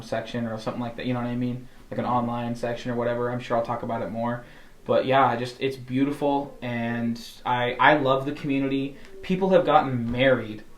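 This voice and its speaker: A man in casual podcast chat, full of eager restarts and fillers. His voice sits at a middling pitch. The room around him has a roomy echo. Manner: enthusiastic, rambling with many restarts and fillers. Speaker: podcast co-host.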